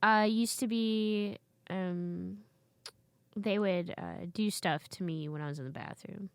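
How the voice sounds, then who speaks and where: Her medium-pitched voice is slow and smooth with vocal fry, recorded dry in a basement studio. A comedian guest, she tells stories in a casual chat, animatedly acting out what her family members say.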